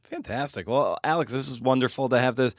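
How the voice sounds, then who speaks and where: A man's voice: mid-range voice, a little fast, no echo, clean studio sound. A man hosting a podcast, wrapping up an interview and chatting in a laid-back, slangy way. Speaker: podcast host. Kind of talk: casual podcast talk.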